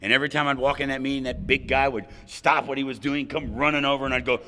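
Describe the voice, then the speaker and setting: A man's voice: mid-range voice, steady tone, quick pace, bright, forceful tone. A man sharing his recovery story at a gathering, candid and funny, with asides to the audience. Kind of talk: personal recovery talk at a roundup. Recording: hall reverb.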